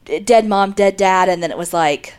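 A woman's voice: mid-range voice, moderate pace, clear, resonant tone. A woman co-hosting a podcast, chatting casually and acting out little voices as she tells stories. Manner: animated storyteller acting out voices, swearing. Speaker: podcast co-host. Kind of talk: casual chat.

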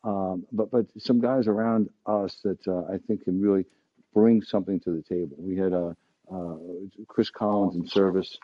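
Halting middle-aged man, low voice. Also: steady tone, highs cut off. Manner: halting, many restarts and fillers. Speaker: dealership owner. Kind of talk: telling an anecdote to staff.

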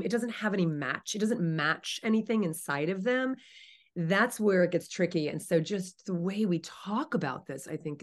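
A woman from New Jersey, a guest on an interview show, talking enthusiastically and articulately. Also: fairly low pitch. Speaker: guest, author and speaker. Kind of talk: conversational interview.

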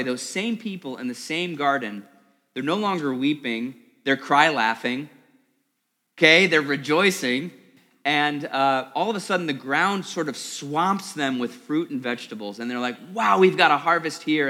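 A man's voice: a little high, bright, forceful tone. Man preaching in a reverberant hall. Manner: conversational, repeats words, vivid storytelling. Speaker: pastor. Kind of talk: sermon. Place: church service in a school hall.

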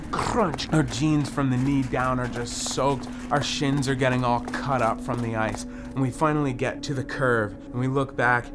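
Male storyteller, mid-range voice, suspenseful delivery that surges into excited rushes, music playing under the voice. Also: medium pitch. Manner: suspenseful, builds to excited rushes, hums sound effects. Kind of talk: dramatic spoken ghost story.

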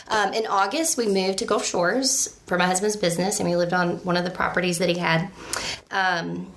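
A woman's voice: lowish voice, steady tone, normal speed, a bit bright, a little hiss or hum. A woman, telling her family story in a chatty, casual way, often laughing and saying um. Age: 30s.

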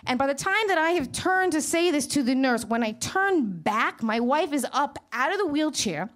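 High-voiced profane New York woman storyteller. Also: normal speed. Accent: New York (Queens). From Queens, New York. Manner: candid, profane, animated with frequent restarts. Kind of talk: live storytelling monologue.

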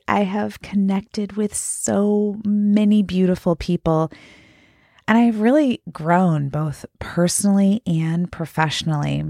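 A woman speaking into a podcast mic, her voice stuffy and congested from a cold. She talks in an earnest, heartfelt way, in a fairly low register. The sound is dry and close. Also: warm tone, no echo. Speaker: podcast host. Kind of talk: solo podcast talk.

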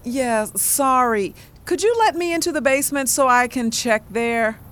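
A woman's voice: high-pitched, moderate pace, a bit bright. Lily, a woman playing a tense, protective woman. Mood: polite. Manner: anxious, blunt, snapping.

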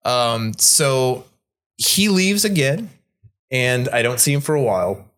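A young man, a bartender, telling a story in casual, profane chat with lots of fillers. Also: takes it slowly. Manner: animated, jumps pitch to act out other people's lines.

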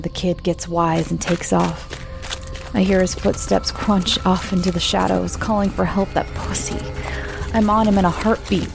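A woman narrating a scripted first-person horror story in a slow, low, hushed voice that often drops to a whisper.

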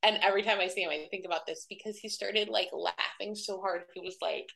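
Chatty woman with a gravelly voice. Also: medium pitch, fairly even intonation, fairly quick, fairly bright tone, low-quality recording. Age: 30s. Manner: chatty storyteller, many "like" fillers, acts out quoted voices. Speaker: guest, wedding website publisher. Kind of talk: casual conversational interview.

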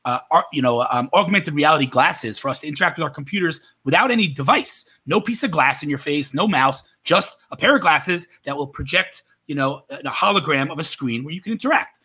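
Fast-talking bright-voiced man. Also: a little high, breathy edge. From Israel. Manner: rapid, animated storytelling. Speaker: guest entrepreneur. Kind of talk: casual interview talk.

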